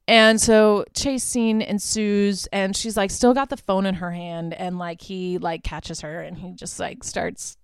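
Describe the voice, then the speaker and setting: A woman's voice: medium pitch, clean tone, no echo. A young woman hosting a podcast, casually retelling movie scenes with lots of fillers and the odd swear word. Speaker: podcast host. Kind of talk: casual movie review chat.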